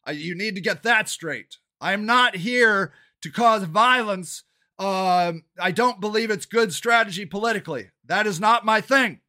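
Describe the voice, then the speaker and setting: An older man who is running for city council delivers an angry, profane monologue, often shouting. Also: high-pitched, a little slow. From Ohio, United States. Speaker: city council candidate and activist.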